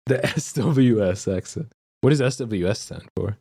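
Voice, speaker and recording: A man's voice: medium pitch, lively intonation, moderate pace, warm tone, slightly rough. A young man from Australia chatting loosely on a live stream, reading and answering viewer messages with a rambling, laughing manner. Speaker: livestreamer reading chat. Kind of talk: casual live-stream chat.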